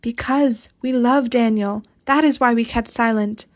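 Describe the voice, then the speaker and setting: A woman's voice: fairly high pitch, steady tone, normal speed, natural voice. A woman voicing an eldest sister in an audiobook, impetuous and trembling, close to tears.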